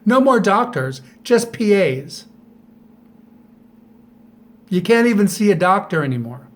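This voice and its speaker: A middle-aged man talking straight to camera in a bitter, profane monologue, firing off sharp rhetorical questions. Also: high-pitched, very animated, a little slow. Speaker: vlogger.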